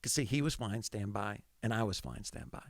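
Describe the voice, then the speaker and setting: A middle-aged pastor tells a story from the pulpit, voicing his own thoughts as he goes. His voice has a gravelly edge. The sound is dry and close, with no room around it. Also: fairly low pitch, brisk, no room sound. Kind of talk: storytelling sermon.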